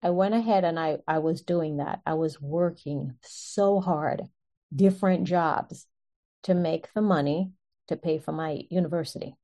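A woman telling her own story in an earnest, animated way, often breaking into short laughs. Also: low-pitched, a little slow. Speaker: speaker sharing a personal testimony. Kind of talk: personal storytelling.

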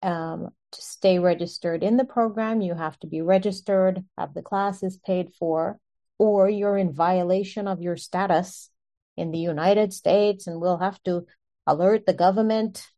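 A woman telling her own story in an earnest, animated way, often breaking into short laughs. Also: lowish voice, measured pace. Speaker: speaker sharing a personal testimony. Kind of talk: personal storytelling.

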